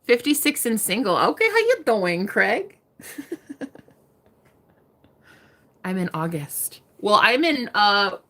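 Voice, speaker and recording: A woman's voice: medium pitch, big pitch swings, slow, pauses often, fairly bright tone. A young woman giving live-stream tarot readings, chatting casually, swearing freely and laughing often. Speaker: tarot reader.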